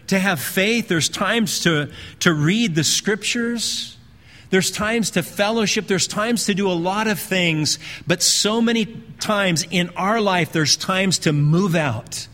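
A male pastor preaching a sermon in a conversational way, slowing down and repeating phrases for emphasis. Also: high voice, bright, forceful tone. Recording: long hall reverb.

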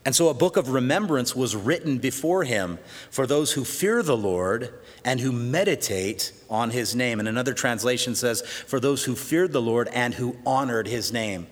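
Man, pastor, middle-aged, animated sermon, loud praise then hushed storytelling, long church reverb. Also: medium pitch, normal speed. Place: church sanctuary. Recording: long reverb of a large hall.

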